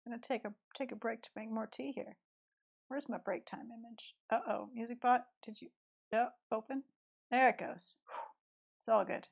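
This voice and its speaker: A woman's voice: on the high side, steady tone, normal speed, gravelly. Chatty woman with an East Tennessee accent. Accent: rural East Tennessee. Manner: chatty, thinks aloud while sketching. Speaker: artist streaming live. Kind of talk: casual live-stream chat while drawing. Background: faint background music.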